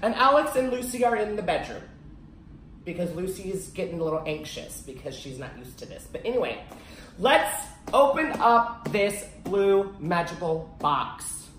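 A woman reviewing snacks in a casual, excitable unboxing vlog, chatting at home. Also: lowish voice, moderate pace, far from the mic, slight background noise. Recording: echoey home room.

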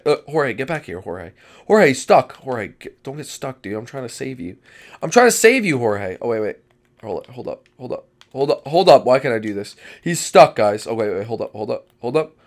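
A man giving excitable Minecraft roleplay commentary and chatting to his viewers. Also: mid-range voice. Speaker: gaming YouTuber.

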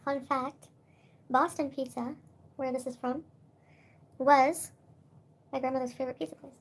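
Giggly high-voiced woman streamer. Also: fairly even intonation, moderate pace, husky. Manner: giggly, rambling, talks while eating. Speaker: livestreamer. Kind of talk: casual livestream chat.

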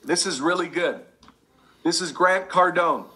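A man giving an energetic sales training talk over slides, emphatic and repeating his key lines. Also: on the high side, measured pace.

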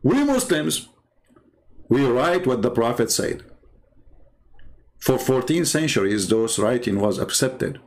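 This channel host and religion critic, a man from the Middle East with Arabic as his first language and an Arabic accent, delivers rambling, sarcastic livestream commentary. His mid-range, slightly mellow voice swings widely in pitch, moves slowly, and pauses often.

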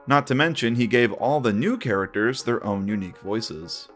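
A man's voice: medium pitch, moderate pace, faint music behind. A man hosting a video essay, giving opinionated, conversational commentary on a children's TV series.

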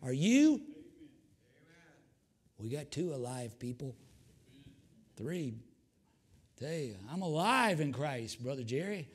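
A man's voice: mid-range voice, lively intonation, measured pace, pauses often, fairly bright tone, breathy edge. An older man, preaching a sermon as pastor, fervent with repeated hallelujahs and folksy asides.

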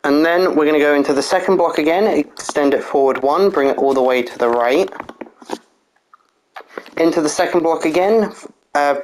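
A casual walkthrough narrator at a middle pitch, calmly explaining a block-by-block build. The voice counts pieces aloud and patiently fixes its own slips. A faint hiss sits under the recording. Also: moderate pace, pauses often, low-quality recording. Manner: methodical step-by-step instructions, counting blocks aloud, frequent "uh"; apologetic, corrects own slips.

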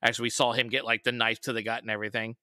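Male podcast guest with a bright, dry voice who tells stories and acts out the quotes. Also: mid-range voice, level tone, rapid-fire, dry recording. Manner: storytelling, raises his voice to quote people. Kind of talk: casual podcast conversation.

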